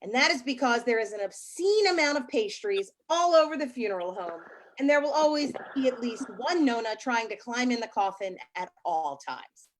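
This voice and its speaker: A woman's voice: fairly high pitch, lively intonation, normal speed, a little hiss or hum. A woman comedian doing a brash stand-up set about family life, with crude punchlines.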